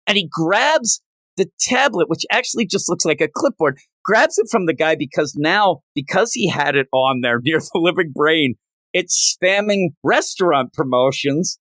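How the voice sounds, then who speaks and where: A man's voice: moderate pace, dry recording. A man casually chatting through a comic book review, joking and acting out the characters' lines. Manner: animated, jokey, acts out quotes with big pitch jumps.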